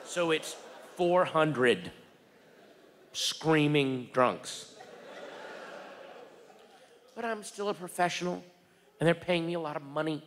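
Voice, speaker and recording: A man doing stand-up storytelling on stage, animated, shouting out the crowd's yells. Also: fairly high pitch, takes it slowly, pauses often. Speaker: stand-up comedian. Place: comedy stage before a live audience. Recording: reverberant live venue with crowd noise.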